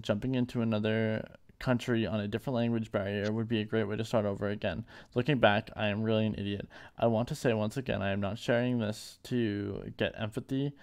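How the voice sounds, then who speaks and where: A man with a low voice reads a prepared statement aloud. His delivery is flat and subdued, with halting, remorseful pauses between phrases. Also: smooth. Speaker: streamer reading a public apology.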